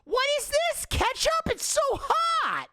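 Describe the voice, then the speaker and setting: A young man squealing in mock panic over mild food, his voice shot up to a near-falsetto shriek. The delivery is exaggerated and overwrought. It stretches out slowly. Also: very animated, bright, forceful tone, no echo, clean studio sound, full character voice.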